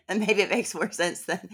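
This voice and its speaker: A woman's voice: sits low, fairly bright tone. A woman who is a podcast guest, talking casually with sardonic asides and frequent laughs.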